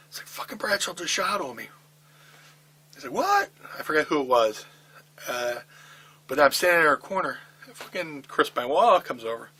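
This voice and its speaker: A middle-aged man with a bright, forward voice tells a backstage story in a shoot interview. He swears constantly and acts out the other people's lines as he goes. His pitch sits right in the middle for a man. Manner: profane, animated storytelling with acted-out quotes. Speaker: wrestler telling a backstage story.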